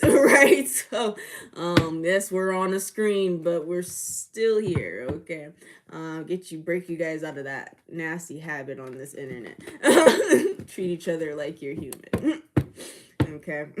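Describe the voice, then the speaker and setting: A woman's voice: on the low side, noisy background. A woman hosting a casual livestream of readings, chatty and laughing often, greeting viewers by name. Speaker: livestream tarot reader and host.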